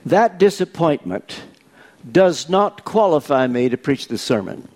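Old guy in his 80s giving a sermon, slow and measured, kinda higher voice. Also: lively intonation, a little mellow. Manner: slow, deliberate preaching with rhetorical questions. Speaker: preacher.

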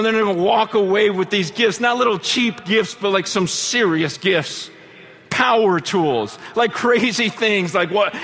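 Animated high-voiced preacher man. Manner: animated, swings between excited outbursts and hushed earnest lows; conversational, rambling with many asides. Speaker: pastor. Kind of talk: sermon storytelling.

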